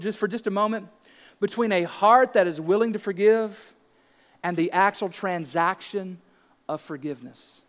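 High-voiced preaching man, echoing hall. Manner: earnest, emphatic preaching with rhetorical questions. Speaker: pastor. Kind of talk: sermon.

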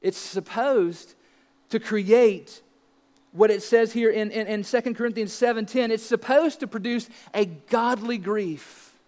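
A man's voice: high-pitched, unhurried, darkish tone, big-room sound. A man in his thirties preaching a sermon as pastor, earnest and emphatic, asking rhetorical questions.

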